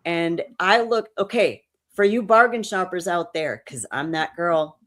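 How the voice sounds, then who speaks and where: A woman with a lowish voice co-hosts a paranormal talk show. She chats quickly and tells personal stories with feeling, often restarting her sentences. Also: a bit bright. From New Orleans. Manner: chatty, quick, emotional storytelling with restarts. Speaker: co-host. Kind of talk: casual chat.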